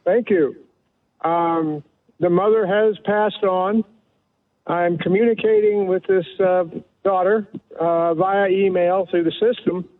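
A man's voice: high-pitched, steady tone, takes it slowly. A man in his seventies calling in to a radio show, hesitant and fumbling for words. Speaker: caller. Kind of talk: phone-in call. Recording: faint distant phone line.

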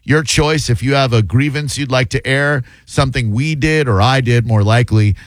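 A man's voice: medium pitch, normal speed, dry recording. A man hosting a radio show, sarcastic and rambling in playful studio banter. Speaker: radio host.

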